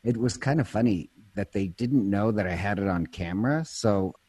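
A man's voice: fairly low pitch, normal speed, warm tone, husky. A man, a priest, chatting casually and telling stories, breaking off mid-sentence and laughing easily. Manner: storytelling, self-interrupting, laughs easily. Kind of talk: casual conversation.

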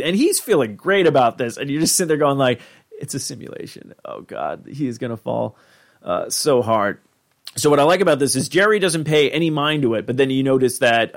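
A young podcast host rambles through an episode recap, leaning on lots of "like" and "uh." He jumps into a high voice whenever he acts out the characters' lines.

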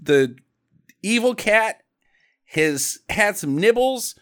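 A man's voice: high voice, lively intonation, slow, fairly bright tone. A man co-hosting a podcast, recapping a movie in casual, jokey chat and mimicking the characters. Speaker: podcast co-host.

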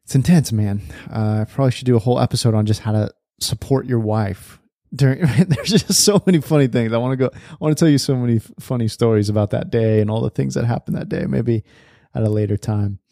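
A man in his thirties talks casually on his podcast, a chatty host who laughs often. His voice is mellow and warm. The recording is dry and close. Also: mid-range voice, fast talker, vocal fry, no echo.

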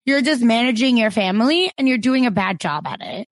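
A woman's voice: a little high, animated, fairly quick, dry recording. A woman co-hosting a podcast, giving opinionated, emphatic commentary in casual chat with sassy asides. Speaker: podcast co-host.

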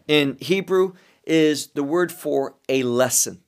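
Slow, deliberate male Bible teacher. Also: fairly high pitch. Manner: slow, deliberate, explains Hebrew words.

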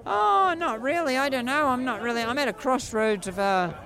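A man in his forties with an Australian accent and a high voice often mistaken for a woman's, rambling through stories in an animated, playful way. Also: moderate pace. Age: 40s. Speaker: street performer jester. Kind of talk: casual storytelling interview. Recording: faint crowd outdoors.

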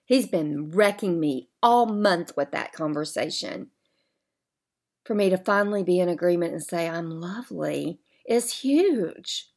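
A woman hosting a faith podcast, talking in an emphatic, heartfelt monologue that sometimes drops to soft murmurs. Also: fairly low pitch, lively intonation, measured pace, gravelly. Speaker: podcast host.

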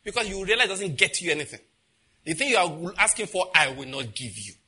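A man preaching a sermon as pastor, animated and laughing as he acts out what others say. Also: high-pitched, fast, husky.

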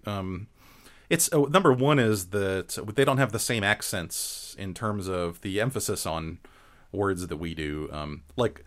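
Speaking at a measured pace in a low, animated voice, a man hosts a podcast full of casual banter. His chat rambles, with lots of fillers and restarts.

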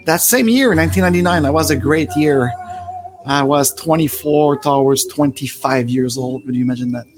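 A man's voice: fairly high pitch, normal speed, music in the background. A French-Canadian man in his forties with a Quebec French accent, hosting a rambling live stream with many fillers and restarts. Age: 40s. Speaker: livestream host.

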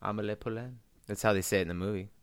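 A man, co-hosting a casual film podcast, excitable and quick to swear. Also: sits low, clear, resonant tone, no room sound. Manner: excitable, swears freely, calls people dude. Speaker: podcast co-host.

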